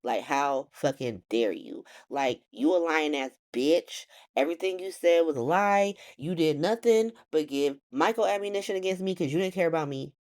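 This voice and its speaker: A woman's voice: low voice, moderate pace, few pauses, a little mellow, natural voice. A woman voicing a cussing, furious young mother. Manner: cussing, indignant. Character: furious young mother dumping her lover.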